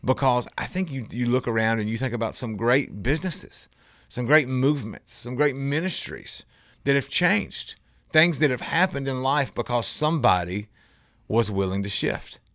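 A man's voice: medium pitch, normal speed, a bit bright. A man hosts a reflective radio talk segment, telling everyday stories in a conversational way. His voice sits in an ordinary middle register. The sound is dry and close, with no room echo. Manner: conversational, anecdotal, with restarts and light laughs. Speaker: radio show host.

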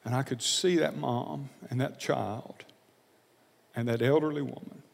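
Preaching in a large hall, a man recounts a personal experience with earnest, confessional sincerity, frequently pausing and repeating himself. His mid-range voice is steady in tone and creaky.

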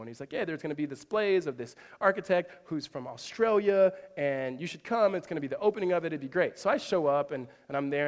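Male pastor, 30s, storytelling sermon, raised voice, echoing hall. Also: on the high side. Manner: animated storytelling with asides and self-deprecating humor. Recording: long reverb of a large hall.

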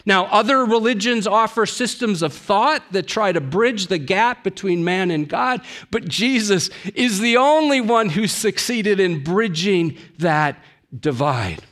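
A man preaching a sermon as pastor, emphatic, with dramatic pauses and drops to a low hush.

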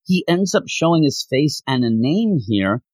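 A young man co-hosting a casual podcast, rambling and animated as he jumps between tangents. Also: on the high side, normal speed, breathy edge, dry recording. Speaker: podcast co-host. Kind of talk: casual chat.

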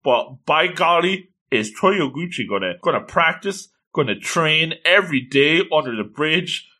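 Excitable man recapping a manga chapter. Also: on the high side, measured pace. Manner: animated, excitable, exclaims often. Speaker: manga reviewer.

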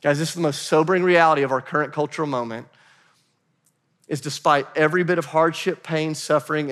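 A man's voice: on the high side, fairly bright tone. Earnest preaching man, ringing hall reverb. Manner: earnest, direct, addresses the room as "guys". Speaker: pastor. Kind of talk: sermon. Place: church sanctuary. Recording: long reverb of a church hall.

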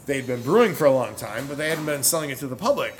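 Middle-aged guy rambling thru a story, laughs a lot, keeps fixing what he said, normal-pitched voice. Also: quick pace, slight background noise. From United States. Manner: rambling and animated, self-correcting, laughs a lot. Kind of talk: casual storytelling chat.

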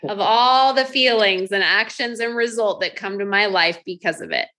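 A woman in her thirties coaching a group, telling lively stories and acting out her own thoughts. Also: mid-range voice, normal speed. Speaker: life coach.

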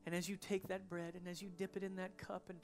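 A woman preaching a sermon as pastor, swinging from soaring proclamation to hushed, intimate prayer at a church service. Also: fairly low pitch, flat delivery, fast, faint music behind.

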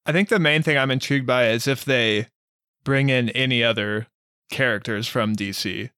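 A man speaks bluntly in a casual podcast chat, often stumbling on the first words of a sentence. His pitch is mid-range. The sound is dry and close. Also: moderate pace, bright, forceful tone, smooth, no echo. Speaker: podcast co-host.

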